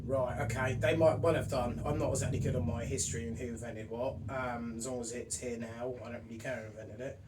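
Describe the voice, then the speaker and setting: A man's voice: mid-range voice, steady tone, quick pace, hardly any pauses, distant mic. A middle-aged man hosting a casual podcast, sighing and swearing in exasperation, sounding hot and sweaty. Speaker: podcast host. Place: hot room indoors. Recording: voice a bit off-mic with faint noise.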